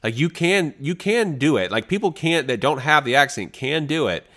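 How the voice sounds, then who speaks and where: A man co-hosting a casual podcast chat, his pitch swinging widely as he gets excited. He jumps in with bursts of enthusiasm and restarts his sentences often. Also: normal speed. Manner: animated, excitable, frequent restarts. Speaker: podcast co-host.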